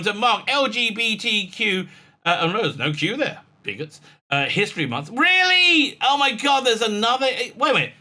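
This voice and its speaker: A middle-aged host riffs on an article in loose, casual commentary. His voice is bright and fairly high, and his pitch swings widely. He stammers through fillers and restarts and laughs often. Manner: rambling, many fillers and restarts, frequent laughs.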